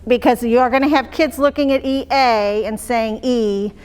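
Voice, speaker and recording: A smooth, darkish, high-leaning female voice with a steady tone moves at a moderate pace. She's a teacher trainer explaining to teachers how she'd mark phonics skills in a lesson, in a conversational style that checks in with them.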